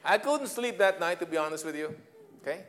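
A man's voice: high-pitched, expressive, fairly quick, a bit bright. A man in his sixties with a Filipino accent, giving a humorous motivational talk on leadership. He tells personal stories with theatrical flair, chuckles at his own jokes and slips into Tagalog phrases. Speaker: speaker on leadership.

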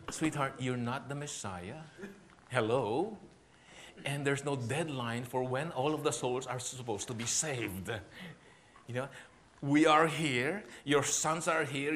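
A middle-aged pastor, preaching in an animated, humorous way and laughing often. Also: male voice, mid-range voice, unhurried, slight background noise. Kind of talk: sermon talk with humor.

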